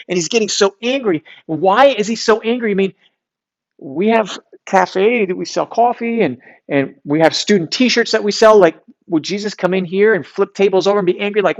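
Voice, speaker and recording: A man preaching to a youth group in a relaxed, conversational way, reading scripture aloud with frequent restarts. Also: sits high, muffled recording. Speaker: youth pastor. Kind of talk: sermon.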